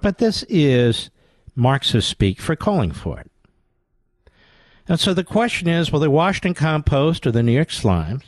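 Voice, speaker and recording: A man's voice: a little high, darkish tone, no echo. A man hosting a political talk radio show, delivering sarcastic, combative commentary.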